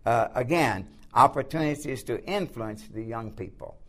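A man's voice: mid-range voice, animated, moderate pace, fairly bright tone. Man lecturing on missions, "okay?" often. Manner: repetitive, filler-heavy, restarts often; emphatic, asks "okay?" to check in. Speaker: missions instructor. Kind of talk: classroom lecture with slides.

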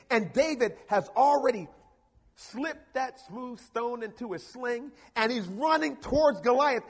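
A male pastor, preaching a lively sermon in a church, calling for amens and acting out voices. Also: very high voice. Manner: animated preaching, calls for amens, acts out quotes.

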